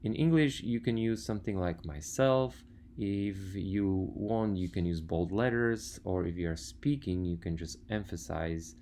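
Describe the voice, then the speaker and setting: A man with a very low voice gives a grammar lesson over slides. He works through word lists one at a time and explains each point methodically. A faint hum sits under the recording. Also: a little slow, mellow. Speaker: language teacher.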